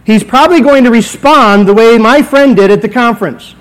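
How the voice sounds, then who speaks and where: A man's voice: extremely high pitch, brisk, fairly bright tone, poor audio. A man in his forties, a pastor preaching a conversational sermon in a church, acting out little dialogues as he goes. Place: church sanctuary.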